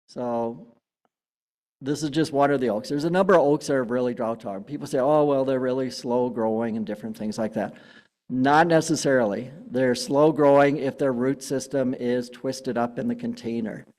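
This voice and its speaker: A man with a medium-pitched, slightly mellow voice gives a casual public gardening talk about plants, using slides. He's chatty, with many fillers and restarts, and the recording carries a long hall reverb.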